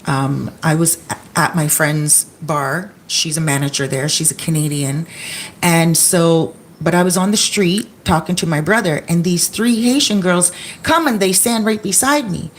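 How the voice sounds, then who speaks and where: A middle-aged woman vlogging to her viewers, retelling stories in a chatty, animated way and acting out what people said. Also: fairly low pitch, measured pace, slight background noise. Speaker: expat vlogger. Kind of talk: casual storytelling to viewers.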